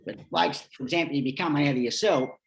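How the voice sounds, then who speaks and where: A man's voice: fairly high pitch, fast talker, vocal fry. A middle-aged Australian man, a podcast guest, telling rambling stories in casual talk and swearing constantly. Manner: lively, rambling anecdotes. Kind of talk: casual storytelling.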